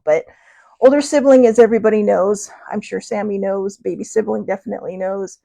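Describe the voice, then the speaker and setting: A woman's voice: mid-range voice, fairly even intonation, fairly quick, vocal fry, warm tone. A woman host telling a funny story in a casual, chatty way, laughing and poking fun at herself. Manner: chatty, laughing, self-deprecating. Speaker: podcast host.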